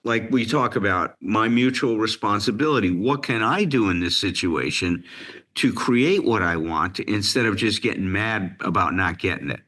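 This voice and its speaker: A man's voice: fairly low pitch, animated, normal speed, fairly bright tone. A man co-hosting a recovery talk show, earnest and blunt, swearing now and then. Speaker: podcast co-host.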